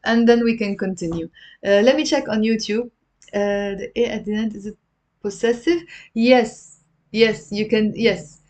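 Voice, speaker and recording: A woman teaching a live-streamed language lesson, patiently repeating words slowly for her learners. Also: medium pitch, darkish tone. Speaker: Lebanese Arabic teacher. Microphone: livestream camera mic.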